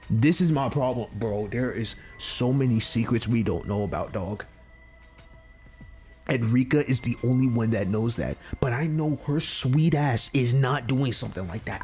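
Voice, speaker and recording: A young man giving let's-play commentary as the channel's host, excitable and profane, with lots of slang. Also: mid-range voice, normal speed, soft background music.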